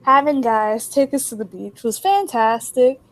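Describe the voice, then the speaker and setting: Young woman storyteller, higher voice, lively delivery, acts out the quotes. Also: unhurried. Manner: animated, acts out quotes in a raised voice. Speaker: podcast co-host. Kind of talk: casual storytelling chat.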